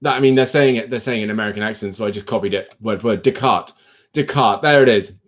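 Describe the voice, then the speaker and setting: A man hosting a casual livestream, chatting playfully and answering viewers' comments aloud, with sudden high exclamations. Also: very fast. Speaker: livestream host.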